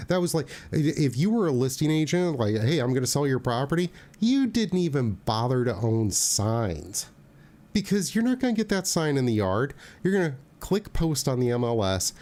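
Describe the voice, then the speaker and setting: A realtor hosts a casual talk show, chatting animatedly in a medium-pitched voice with plenty of fillers and restarts.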